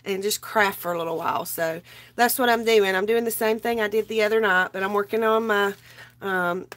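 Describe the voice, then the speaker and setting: A woman hosting a live crafting stream sounds sick and strained, rambling loosely and greeting viewers by name as she works. Her medium-pitched, fairly bright voice is brisk and steady in tone.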